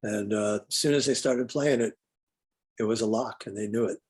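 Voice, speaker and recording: A man's voice: fairly low pitch, normal speed, slightly rough. An older man, a veteran guitarist, telling laid-back stories as an interview guest. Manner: laid-back, warm storyteller. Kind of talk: relaxed interview storytelling.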